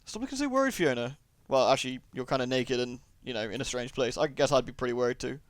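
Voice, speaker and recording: With game audio running behind him, a young let's play host delivers fast, animated commentary in a medium-pitched voice. The recording is dry, and his casual talk is chatty and joking, peppered with riffing asides.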